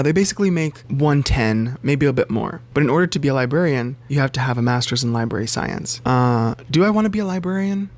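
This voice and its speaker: Guy doing a chill book vlog, chatty and swears a lot, voice jumps way up when he gets excited. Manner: chatty, animated, swears freely, jumps pitch for emphasis. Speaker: bookseller and book vlogger. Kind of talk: casual chat to camera.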